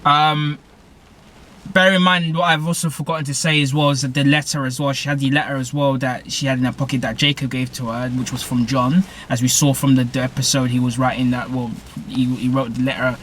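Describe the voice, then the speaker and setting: A man's voice: mid-range voice, flat delivery, brisk, fairly bright tone, a little hiss or hum. A young British man casually recapping a TV episode, rambling with lots of fillers and corrections. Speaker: TV show reviewer.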